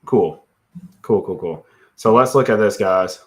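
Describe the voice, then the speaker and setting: A man's voice: on the low side, a little slow. A man hosting a live stream on real estate, talking bluntly and casually while clicking through his screens, often tagging on "okay" and "guys". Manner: blunt and unfiltered, talks while clicking around; often tags lines with okay, guys, right.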